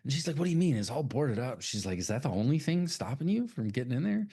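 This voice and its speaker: A man with a mid-range, husky, mellow voice talks fast with big pitch swings while co-hosting a horror podcast. In a casual movie recap chat, he loosely retells a film's plot, swearing and acting out the characters' lines.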